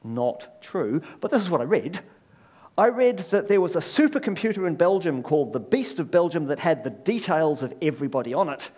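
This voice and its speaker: A man's voice: a little high, sing-song, brisk, a little mellow. A middle-aged man preaching a sermon, telling stories with wry, self-deprecating asides.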